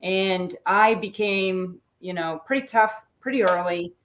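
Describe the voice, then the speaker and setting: A woman's voice: medium pitch, unhurried, fairly bright tone. A middle-aged woman, a retired police lieutenant, telling her story as a guest in a candid, self-deprecating way. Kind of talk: casual interview talk.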